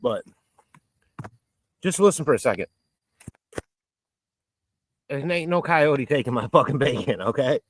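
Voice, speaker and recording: Out in the countryside, a livestream host cooks over a casual outdoor stream, rambling, cursing and reading the chat out loud. His mid-range voice is animated but a little slow, with frequent pauses, and the recording is rough.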